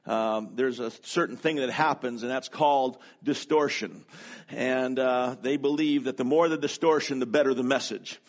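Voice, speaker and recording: A male pastor delivers a sermon in a church sanctuary, speaking into a handheld microphone in a chatty, conversational style laced with self-deprecating humor. His mid-range voice holds a steady tone at a moderate pace.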